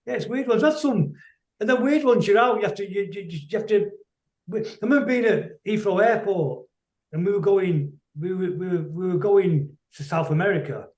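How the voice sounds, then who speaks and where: A middle-aged man, a musician telling rambling, anecdotal stories as a guest on a video call, quick to laugh. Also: high-pitched, darkish tone, echoey room. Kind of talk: casual storytelling interview.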